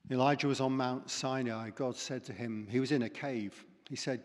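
A man's voice: mid-range voice, steady tone, normal speed, hardly any pauses. A male preacher giving a sermon with dramatic storytelling that sinks to near whispers. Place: church. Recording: long reverb in a church hall.

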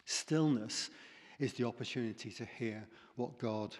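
A man's voice: medium pitch, unhurried. Man preaching in an echoing church. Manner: dramatic storytelling, sinks to near whispers. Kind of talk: sermon. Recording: long reverb in a church hall.

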